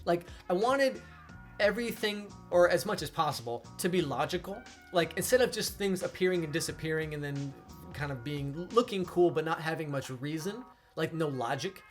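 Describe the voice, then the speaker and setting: A man's voice: fairly high pitch, animated, normal speed, faint music behind. A young man explaining his video choices in a loose, casual monologue, padding his talk with many filler words. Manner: rambling, heavy with filler words. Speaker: video essayist.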